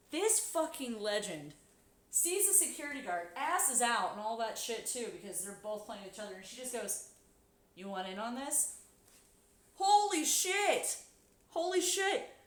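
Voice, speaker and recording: A woman telling a story in casual chat while sewing on a live stream, swearing freely and bursting into loud, high exclamations. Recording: echoey room.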